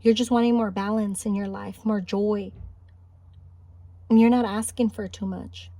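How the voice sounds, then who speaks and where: A woman giving a spiritual pick-a-card reading, gentle and encouraging, thinking aloud with small restarts. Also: medium pitch, steady tone, unhurried, no room sound. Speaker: tarot card reader. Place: home, Highland Park, California.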